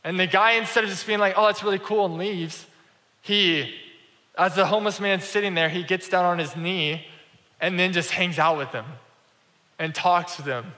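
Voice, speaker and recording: Pastor, male, chatty storyteller sermon; bright tone, big reverberant room. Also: sits high, normal speed. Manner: conversational storytelling, acts out quoted dialogue. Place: church sanctuary. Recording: reverberant church hall.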